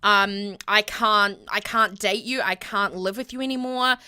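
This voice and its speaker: A woman voicing a young man breaking off a relationship, speaking firm, flat and apologetic, a little lower than her own voice. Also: unhurried, smooth.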